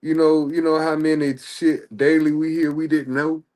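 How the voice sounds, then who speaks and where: A man's voice: fairly high pitch, little pitch movement, moderate pace, a little mellow. A man ranting in casual livestream commentary, heated and profane. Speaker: streamer.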